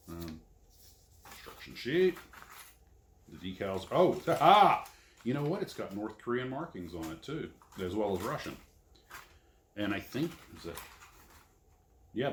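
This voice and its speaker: A man unboxing scale model kits in casual commentary, rambling and self-deprecating. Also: low voice. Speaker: scale model kit reviewer. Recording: echoey room, faint noise.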